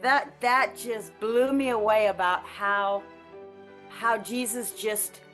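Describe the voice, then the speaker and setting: A woman sharing a personal prayer testimony in an earnest, halting way, with frequent restarts and light laughter. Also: fairly high pitch, steady tone, fairly bright tone, faint music behind. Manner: halting, with many restarts and fillers. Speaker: ministry trainee sharing a testimony. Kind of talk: conversational testimony.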